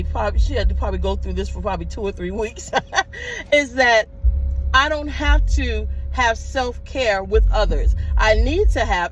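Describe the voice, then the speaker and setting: A middle-aged woman with a fairly high voice tells her own story frankly and with feeling as a show host. She stresses points with lively, rising questions to her listeners. Faint traffic noise sits under the recording. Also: low-quality recording. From Florida, USA. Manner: candid, animated storytelling with rising emphatic questions. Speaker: podcast host. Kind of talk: personal motivational talk.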